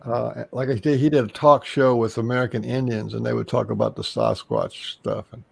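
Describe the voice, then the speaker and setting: A man from Texas tells a long story as a guest, with a gravelly, slightly creaky voice. His pitch sits in an ordinary middle range and he keeps circling back and restarting his sentences. The sound is dry and close, with no room around it. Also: animated, brisk, a little mellow, no room sound, poor audio. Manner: rambling, with frequent restarts and fillers. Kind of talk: casual storytelling in an interview.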